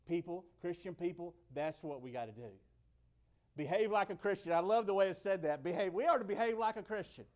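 A man preaching a sermon in a conversational way, building to loud emphatic peaks and then dropping low and slow.

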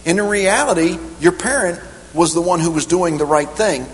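A middle-aged man delivers a sermon in a lively, emphatic voice that sits a little high and rises sharply on its key points. The sound carries a long reverb from a church hall, with a faint hum underneath. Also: moderate pace. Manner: animated, emphatic preaching with rising pitch on key points. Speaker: pastor.

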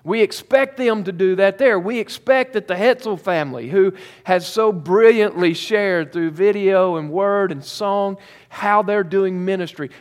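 A man preaching a sermon as pastor, emphatic and drawn out, with pauses to let points sink in. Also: high voice, in a large hall.

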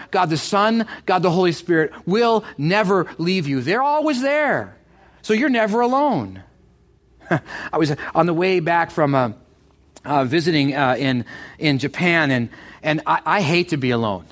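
A middle-aged man preaching a sermon as pastor, animated and excitable, often stumbling and repeating words. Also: sits high. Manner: animated, builds to excited bursts.

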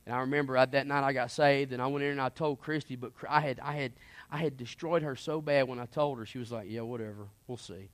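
A man preaching and telling his personal testimony, earnest and impassioned, swinging between hushed moments and emphatic ones. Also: mid-range voice, steady tone, fast, dry recording.

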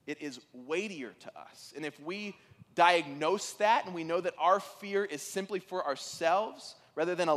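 A man preaching a sermon, telling stories in an animated way that rises to excited peaks. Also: on the high side, long reverb tail. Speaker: pastor.

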